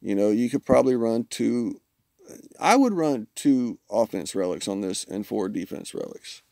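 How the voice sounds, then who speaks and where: A man's voice: fairly low pitch, animated, moderate pace, creaky, mellow, dry recording, clean studio sound. A man live-streaming a mobile game, rambling through his setup and joking with friends on a voice call. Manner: rambling, jokey, talks to chat and friends. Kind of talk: casual gameplay commentary.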